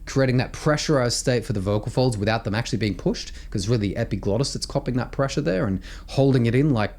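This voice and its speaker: An Australian man teaching voice technique, explaining exercises in an animated, emphatic way and often checking in with "right?". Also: mid-range voice, fast. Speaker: vocal coach. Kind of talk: instructional explanation with sung demos.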